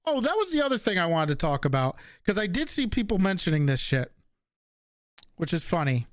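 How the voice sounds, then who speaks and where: A man from the Northeastern US, with a slight regional accent and a high, very animated voice, speaks briskly. In casual chat with stream viewers, he reads out their questions and answers offhandedly, swearing casually. The sound is studio quality with no room sound.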